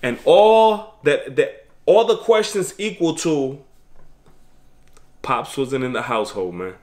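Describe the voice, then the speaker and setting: A man's voice: medium pitch, animated, takes it slowly, darkish tone. A man giving preachy, streetwise life advice in a casual motivational monologue.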